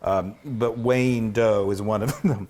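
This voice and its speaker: A man's voice: on the low side, fairly even intonation, a little slow, background noise. A man co-hosting a cooking show, chatty and enthusiastic, often breaking off mid-sentence. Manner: chatty and enthusiastic, self-interrupting. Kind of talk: casual cooking demonstration.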